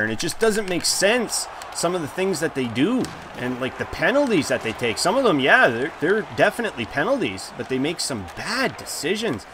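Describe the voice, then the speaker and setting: Excitable man commentating his own gameplay. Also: on the high side, noisy background. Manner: excitable, swings from grumbling to shouting. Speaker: gaming YouTuber.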